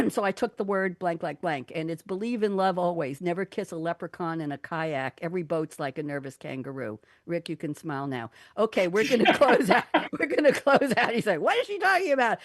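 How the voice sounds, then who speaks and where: A woman's voice: lowish voice, animated, brisk, few pauses, dry recording. Give me a playful woman talk show host reading with theatrical flair, close and dry on a studio mic. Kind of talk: live online talk show. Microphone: studio condenser mic.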